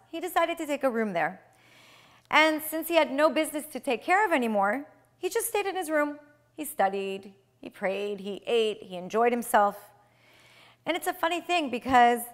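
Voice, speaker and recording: A woman with a fairly high voice tells a traditional story, her delivery swinging between soft and loud. She slows down for the dramatic moments. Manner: expressive, with swings in loudness and slowed dramatic phrases. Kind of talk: spoken retelling of a traditional tale.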